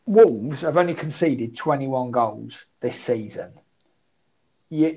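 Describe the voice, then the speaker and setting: A man's voice: mid-range voice, darkish tone, poor audio. Chatty man talking football bets. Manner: chatty, self-deprecating, thinks aloud. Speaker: football betting tipster. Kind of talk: casual betting podcast chat.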